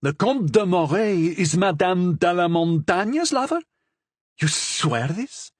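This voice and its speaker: A man's voice: sits high, expressive, slow, no room sound, voice pushed up, exaggerated voice. A man doing a jealous, hot-headed young marquis. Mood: disbelieving. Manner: agitated, pleading and indignant.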